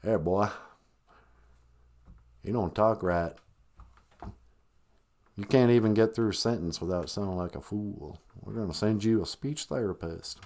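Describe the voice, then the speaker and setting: A man playing a gruff, scornful male teacher styled like a Southern sheriff, scolding in a blunt drawl. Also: fairly low pitch, measured pace, pauses often, a little mellow.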